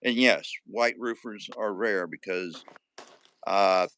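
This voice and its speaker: A man's voice: lowish voice, slow, a bit bright, clear, resonant tone, no echo. A man hosting a live stream in casual chat, joking and reading out viewer comments. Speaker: livestream host.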